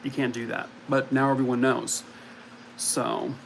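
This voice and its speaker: A man's voice: mid-range voice, level tone, unhurried, vocal fry, a little hiss or hum, low-quality recording. A man hosting a casual live stream from home, chatting and cooing at his dog. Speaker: streamer host.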